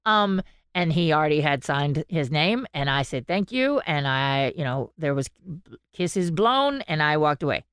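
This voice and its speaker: A woman, co-hosting a podcast and telling a story in an animated way, quoting people as she goes. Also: sits low, measured pace, clean tone, no room sound, clean studio sound. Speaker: podcast co-host. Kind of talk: casual chat.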